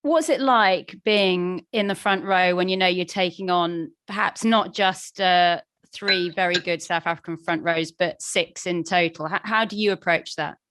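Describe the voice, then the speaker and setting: A woman asking a player questions at a press conference in a measured, polite way. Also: lowish voice, fairly bright tone, no echo. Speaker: reporter.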